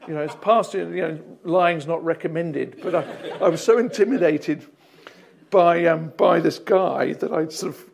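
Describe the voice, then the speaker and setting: A man's voice: a little high, moderate pace, creaky. A male pastor with an Australian accent, telling a rambling anecdote in a sermon with lots of restarts and chuckles. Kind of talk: storytelling sermon.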